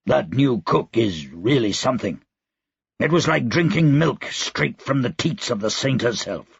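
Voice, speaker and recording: A man's voice: mid-range voice, animated, unhurried, vocal fry, husky, no room sound, heavily acted. A man playing a wry, amused male officer. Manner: dry, amused. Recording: dry, slightly dull recording.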